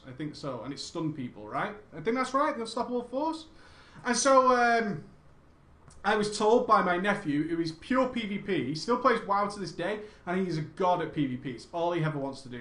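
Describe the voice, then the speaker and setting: High-voiced man telling a rambling story. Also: a bit bright, reverberant. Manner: chatty, self-correcting, swears casually. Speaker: storyteller recounting gaming memories.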